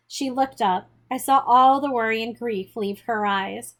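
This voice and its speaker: A woman reading a children's novel aloud in a steady, measured storytelling manner. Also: fairly high pitch. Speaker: audiobook reader.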